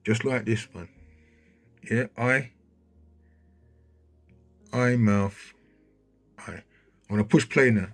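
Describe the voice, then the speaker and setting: A man with a husky, slightly rough voice talks over footage in a loose, conversational way. He grows excitable and keeps checking in with his listener. Faint music plays behind him. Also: mid-range voice, slow pace, long pauses. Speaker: video commentator. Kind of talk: casual commentary over footage. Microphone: handheld mic.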